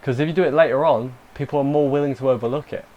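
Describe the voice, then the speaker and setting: A man's voice: medium pitch, steady tone, quick pace, a little mellow, muffled recording. A young man casually recapping and reviewing an anime episode, rambling with self-deprecating asides and lots of fillers.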